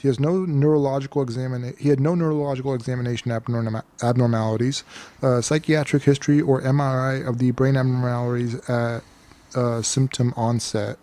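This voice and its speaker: A man's voice: medium pitch, steady tone, fairly quick, warm tone. A man co-hosting a comedy podcast, reading a news item aloud and then joking about it in casual chat. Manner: reads news aloud, then jokes and laughs. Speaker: podcast co-host.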